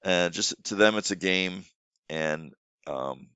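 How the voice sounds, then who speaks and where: A man's voice: low-pitched, slow pace, sharp tone, smooth, no echo. A man, an online English teacher, explaining classroom tips in a casual way with frequent restarts. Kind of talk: instructional teaching tips video.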